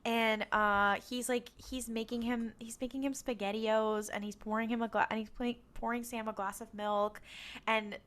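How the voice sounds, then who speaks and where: A woman's voice: a little high, level tone, normal speed, a bit bright. A woman co-hosting a casual recap podcast, telling the story with lots of energy, acting out lines and laughing often. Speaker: podcast co-host.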